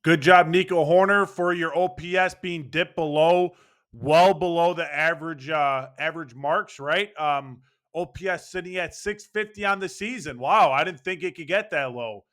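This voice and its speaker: A man's voice: on the high side, normal speed, fairly bright tone. A man ranting angrily and sarcastically about his baseball team's loss, swearing as he goes. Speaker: baseball fan commentator. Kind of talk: ranting sports commentary.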